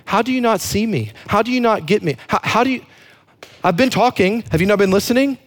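A man's voice: high voice, lively intonation, fairly quick, pitched above the performer's own voice. A man mocking a scornful disciple. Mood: indignant. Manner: sarcastic, incredulous questioning. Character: exasperated indignant male disciple, scornful.

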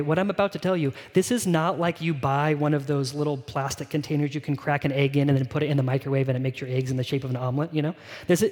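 A male pastor preaches in a lively, conversational way and keeps checking in with his listeners. His voice sits a little high. Everything carries the long reverb of a big church sanctuary. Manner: conversational, animated, asks the congregation questions. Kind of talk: sermon. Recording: long reverb of a large hall.

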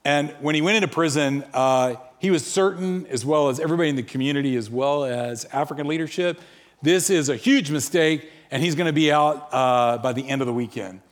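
A man's voice: a little high, brisk. A man preaching a sermon, telling stories and acting out the quoted dialogue. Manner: animated, acts out quoted dialogue. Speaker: pastor. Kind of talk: sermon storytelling.

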